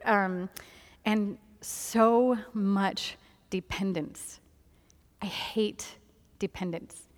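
A woman's voice: medium pitch, big-room sound. A woman telling a personal testimony in a candid, conversational way, with laughs and many fillers. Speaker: speaker sharing testimony.

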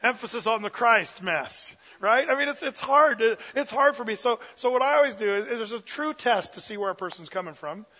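A man preaching a sermon in an energetic, conversational way with frequent fillers. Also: extremely high pitch, fairly quick, hardly any pauses, big-room sound, dull audio. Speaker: pastor.

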